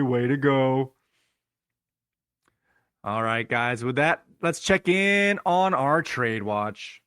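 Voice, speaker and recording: A man hosting a fantasy sports podcast in an upbeat, chatty tone, talking straight to his listeners. His voice sits a bit high for a man and sounds dry and close to the mic. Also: a bit bright, no room sound. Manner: upbeat, addresses listeners as guys. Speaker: podcast host. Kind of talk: casual podcast commentary.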